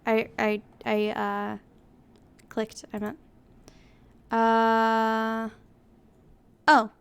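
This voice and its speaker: A woman streaming a story game, reading it aloud with soft, giggly, rambling asides. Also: a little high, completely flat delivery, extremely slow, smooth. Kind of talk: let's play commentary.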